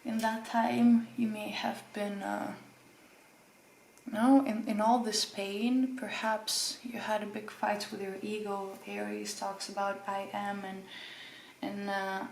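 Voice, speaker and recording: A woman hosting a pick-a-card tarot reading, speaking gently and reassuringly to the viewer with emotion. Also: medium pitch, vocal fry, reverberant, a little hiss or hum, rough recording. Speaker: tarot reader.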